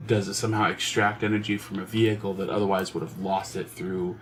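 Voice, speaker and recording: A man's voice: low-pitched, level tone, fast, fairly bright tone. A man co-hosting a gaming livestream, reading viewer comments and thinking aloud in casual chat, sounding a little under the weather. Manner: mock-offended banter, thinking aloud. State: sick.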